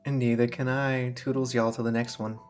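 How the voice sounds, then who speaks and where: A man co-hosting a podcast in casual chat, relaxed, talking straight to listeners and sometimes tripping over his words. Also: mid-range voice, a little fast, faint music behind. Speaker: podcast co-host.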